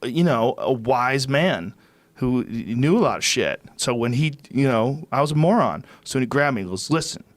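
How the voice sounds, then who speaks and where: A middle-aged man, a podcast host, telling casual stories in a relaxed, swearing conversational manner. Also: mid-range voice, moderate pace, no echo. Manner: casual storytelling, heavy swearing.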